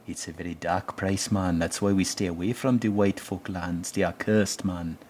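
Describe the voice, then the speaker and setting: A laid-back Jamaican stoner, as a man puts him on, with a low voice and a drawling put-on Jamaican accent. He preaches about cursed lands and spirits and tags nearly every line with "man". It is comic, mock-solemn commentary-track patter. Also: fairly even intonation, normal speed, darkish tone, a little hiss or hum, natural voice. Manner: drawling, ends lines with "man". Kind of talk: comedic impression in a commentary.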